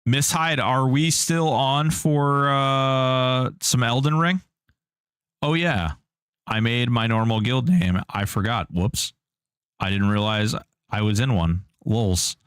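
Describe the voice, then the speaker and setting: A man's voice: medium pitch, slow pace, fairly bright tone, clear, resonant tone, dry recording, studio quality. A man streaming an online game, chatting casually and joking while answering his chat. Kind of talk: casual live-stream commentary.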